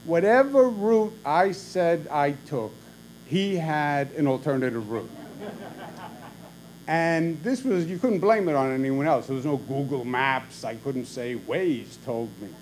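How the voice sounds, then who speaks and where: A man's voice: a little high, lively intonation, unhurried, darkish tone, a little hiss or hum, low-quality recording. A man, a governor telling wry anecdotes in a conversational public speech. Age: 60s.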